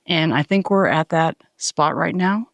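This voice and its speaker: A woman speaking calmly and encouragingly as a hiking companion on a mountain summit, recorded on a handheld phone. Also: deep voice, unhurried, dry recording. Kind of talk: casual trail vlog.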